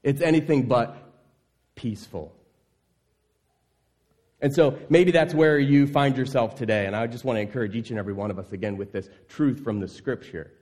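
Speaking a little fast, a man preaches an earnest sermon as pastor, asking the congregation questions. He sinks into a low, soft voice when he reaches key words.

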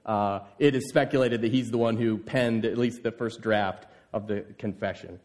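A man preaching a sermon, telling a scripture story with lively, voiced exclamations. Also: lowish voice, normal speed.

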